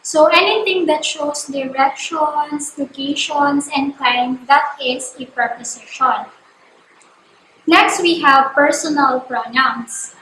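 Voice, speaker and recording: Slow, bright-voiced woman teaching. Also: high-pitched. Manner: slow, deliberate listing of examples with fillers. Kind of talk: online English lesson. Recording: echoey room, faint background noise.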